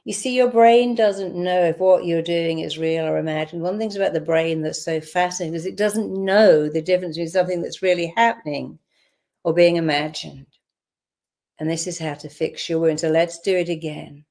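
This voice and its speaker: A woman's voice: on the low side, fairly even intonation, a little fast, a little mellow. A woman leading a guided visualization in a live online session, giving firm instructions and repeating phrases for listeners to say aloud. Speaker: therapist leading an exercise.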